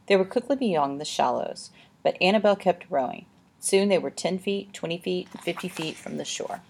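A woman narrating a storybook aloud in a steady, expressive way. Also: on the low side, vocal fry, slight background noise. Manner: steady, expressive, slows for tense moments.

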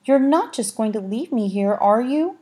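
A woman's voice: a little high, expressive, normal speed, warm tone, slightly rough, pitched above the performer's own voice. A woman reading the part of a frightened, sulky little boy, with a plaintive, sullen manner.

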